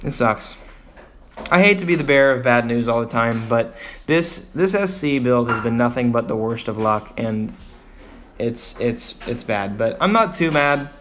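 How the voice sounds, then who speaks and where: A man's voice: mid-range voice, animated, unhurried, a bit bright, a little hiss or hum. A young man from Texas hosting a casual livestream, rambling and sighing as he vents his frustration. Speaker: vlogger on a livestream.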